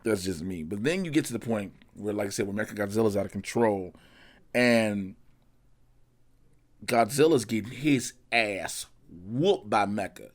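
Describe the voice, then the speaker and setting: A man giving a casual movie review in animated, profane, slangy talk. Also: on the low side, unhurried.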